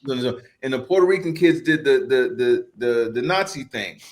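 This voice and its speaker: A man's voice: medium pitch, lively intonation, a little fast. A man with a Texan accent, co-hosting a comedy podcast, telling stories with lots of profanity and stammered restarts. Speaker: podcast co-host. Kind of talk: casual comedic political chat.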